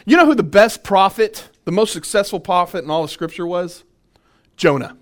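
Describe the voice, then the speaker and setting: A man, a minister, teaching a church workshop on boundaries, animated and full of restarts as he tells stories. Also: sits high, moderate pace. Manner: animated storytelling with many restarts.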